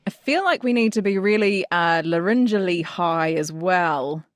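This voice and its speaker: A woman's voice: lowish voice, animated, measured pace, no echo, studio quality. A woman, co-hosting a podcast and explaining voice technique in casual chat. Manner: explains technique with frequent restarts and laughs. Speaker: podcast co-host leading the segment.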